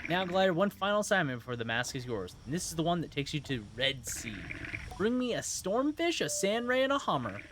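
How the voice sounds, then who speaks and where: A man's voice: fairly high pitch, big pitch swings, fairly quick, background noise, voice pushed up. A man reading out the lines of a male fisherman character in a game, giving the player a final task in a plain read-aloud manner. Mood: instructive.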